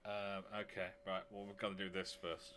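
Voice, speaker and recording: A man streaming a space game live, excitable and chatty, reading viewer messages aloud. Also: low-pitched, normal speed, slight background noise. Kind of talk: live gameplay chat.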